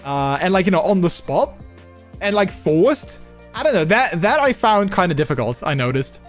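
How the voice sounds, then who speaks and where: This Dutch live streamer from the Netherlands has a high voice with big swings in pitch and speaks at a moderate pace, his Dutch accent subtle. He reads his chat aloud and responds casually while faint music plays in the background.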